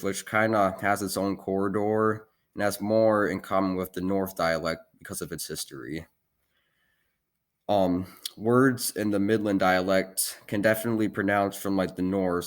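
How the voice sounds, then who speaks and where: Man, deep low voice, casual geography explainer, hesitant, lots of ums and likes. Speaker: geography video host. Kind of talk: casual explainer over a map.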